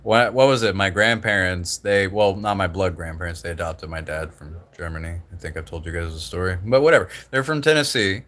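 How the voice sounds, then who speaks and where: A man's voice: low voice, fairly quick, few pauses, a bit bright. A young man from the Southern United States with a slight Southern drawl, rambling casually and profanely while hosting a livestream. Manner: rambling, profane, laid-back. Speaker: livestream host.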